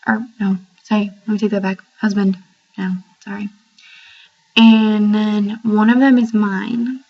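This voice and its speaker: A woman's voice: medium pitch, flat delivery, a little slow, highs cut off. A young woman filming an awkward, rambling video message at home. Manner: awkward, rambling, self-conscious. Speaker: vlogger. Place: family home, near the kitchen.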